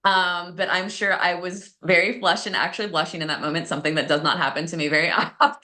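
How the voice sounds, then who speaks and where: A woman's voice: fairly low pitch, fairly even intonation, fast talker, bright, forceful tone. A woman, a guest transformation coach, chatting casually on a podcast, telling stories with frequent laughs and acting out quoted lines.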